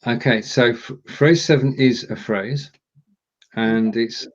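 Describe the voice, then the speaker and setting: A man's voice: mid-range voice, moderate pace, dull audio. A man co-hosting a casual live language lesson, joking as he stumbles through German phrases. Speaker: co-host and learner.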